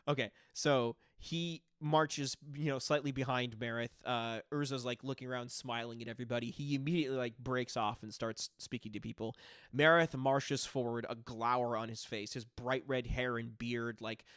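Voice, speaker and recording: A man narrating a tabletop game as game master, relaxed and full of fillers. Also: mid-range voice, moderate pace, clean tone, dry recording, clean studio sound.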